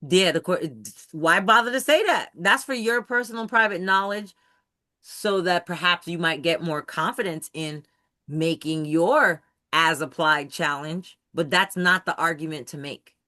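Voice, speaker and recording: Bright, dry-sounding host checking in with the group. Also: medium pitch, unhurried, dry recording. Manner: emphatic, keeps checking that the group understands. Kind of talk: live video-call teaching session. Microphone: computer mic on a video call.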